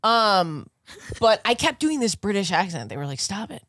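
Woman podcast host, medium pitch, halting speech, dry close sound. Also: very animated, a bit bright, no room sound. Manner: halting, restarts, friendly interviewer. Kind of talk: casual podcast chat.

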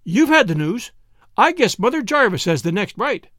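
A man voicing a spirited, excitable young woman in an audiobook, with high, breathless exclamations. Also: normal speed, dry recording, clean studio sound, full character voice. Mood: excited.

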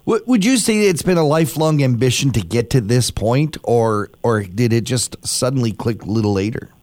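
Guy interviewing on the radio, halting, lots of uhs, dry close sound. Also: medium pitch, animated, a little mellow, no room sound. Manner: halting, searching for words.

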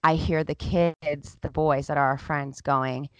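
A woman in her thirties hosts a casual podcast, recounting a personal story candidly and emotionally while leaning heavily on "like". Her low-pitched, fairly bright voice is unhurried, with fairly even intonation and few pauses, recorded with no room sound and the highs cut off.

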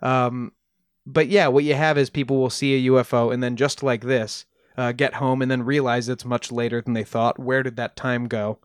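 A man's voice: medium pitch, little pitch movement, moderate pace, clean tone, dry recording, clean studio sound. A man on a podcast casually retelling a story he has researched, with frequent ums and restarts. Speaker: podcast host presenting research.

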